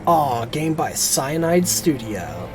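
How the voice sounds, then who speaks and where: A woman streamer talks over her game in an unhurried, drawn-out way, reacting with bursts of excitement and casual swearing. Faint music plays underneath her voice. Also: low-pitched.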